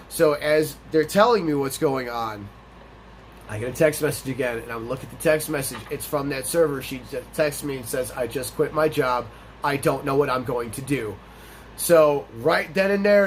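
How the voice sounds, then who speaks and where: A man's voice: mid-range voice, normal speed, a little hiss or hum. A young man hosting a let's play, telling a long personal story in a rambling, profane, emphatic way. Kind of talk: casual storytelling over gameplay.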